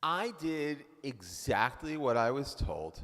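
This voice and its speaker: A man's voice: mid-range voice, big pitch swings, takes it slowly, a bit bright. A man playing a proud, obedient ancient wife who talks in a self-satisfied, mock-pious way. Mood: smug. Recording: reverberant hall.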